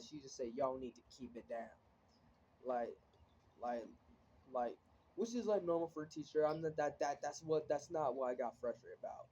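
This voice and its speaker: A man's voice: medium pitch, warm tone, dull audio, a little hiss or hum. A teenage boy venting in a casual vlog, rambling with constant filler words and swearing, sounding frustrated as he talks into his phone. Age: teens. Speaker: vlogger. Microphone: phone camera, looking down at it.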